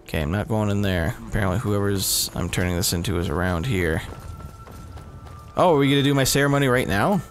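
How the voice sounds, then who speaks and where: Self-mocking gravelly-voiced gamer. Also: male voice, lowish voice, fairly quick. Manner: rambling, self-mocking, swears often. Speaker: gaming video host. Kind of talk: casual let's-play commentary. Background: game sounds and music.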